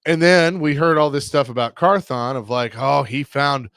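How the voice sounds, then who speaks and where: A man's voice: mid-range voice, moderate pace, a bit bright, smooth, no room sound, clean studio sound. A man hosting a sports radio show, talking casually and opinionatedly, often restarting his sentences.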